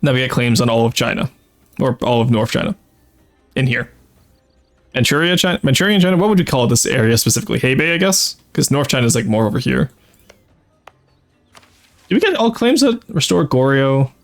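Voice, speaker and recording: A male streamer talks his way through a strategy game at an ordinary middle pitch, musing aloud and explaining each move. He corrects himself mid-sentence and fills pauses with "uh", while soft music plays quietly underneath. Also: big pitch swings. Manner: thinking aloud, explaining tactics with frequent fillers. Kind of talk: casual live-stream commentary.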